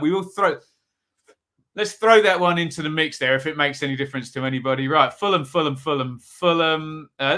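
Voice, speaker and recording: A man's voice: medium pitch, sharp tone. A man hosting a live football predictions stream, chatting casually and reading out viewers' comments. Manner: chatty, upbeat, reads out chat comments.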